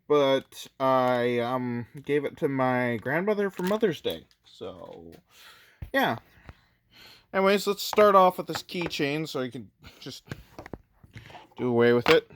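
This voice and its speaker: A man's voice: fairly high pitch, a little hiss or hum. A young man, hesitant and rambling with lots of fillers, sounding tired as he records a casual review late at night. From Canada. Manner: hesitant, rambling, self-deprecating, many fillers. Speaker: toy reviewer.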